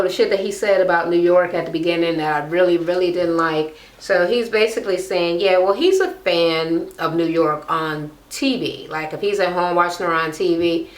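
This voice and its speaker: Sassy, profane woman in an echoey room. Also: lowish voice. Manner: blunt, profane and sassy, mimicking people she quotes. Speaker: vlogger recapping a reality show. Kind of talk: casual recap chat.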